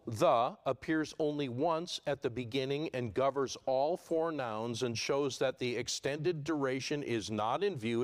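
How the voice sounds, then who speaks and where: A man preaching an expository sermon, building to loud emphatic peaks and dropping low and quiet, with a repetitive listing cadence.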